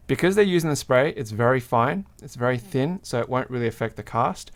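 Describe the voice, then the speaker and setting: A man's voice: medium pitch, animated, normal speed, hardly any pauses. A man hosting a livestream, casually talking through a hands-on craft demonstration at his workbench, explaining each step as he works and laughing now and then. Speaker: livestream host. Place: home workbench.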